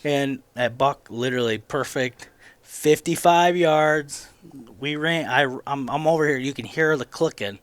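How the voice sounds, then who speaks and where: A man's voice: fairly high pitch, measured pace, smooth, no room sound. Midwestern male podcast host, rambling casual storyteller, dry close sound. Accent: Midwestern American. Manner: rambling, animated retelling with many restarts.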